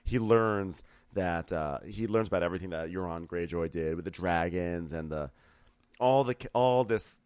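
A man co-hosting a casual recap show, rambling with lots of fillers and acting out quotes in a high put-on voice. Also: normal speed, darkish tone, clean tone, no echo. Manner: rambling, filler-heavy, acts out quotes in a falsetto. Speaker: podcast co-host.

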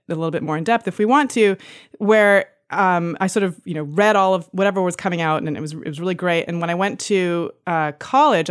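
A woman with a fairly low voice talks in a casual, reflective way. She pauses to search for her words as she recalls memories. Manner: reflective, hesitant with fillers. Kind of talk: casual chat.

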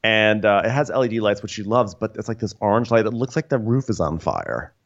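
A man co-hosting a comedy podcast, mocking the show's people in a loose, rambling way full of "like"s. His voice sits lowish. The recording sounds dull and lo-fi. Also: animated, fairly quick. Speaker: podcast co-host. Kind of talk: casual comedic recap.

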